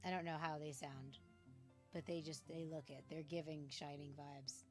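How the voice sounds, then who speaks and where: A woman's voice: low voice, fairly even intonation, moderate pace, darkish tone, faint music behind. A woman streaming a game, chatting casually, laughing often and reading the game text aloud.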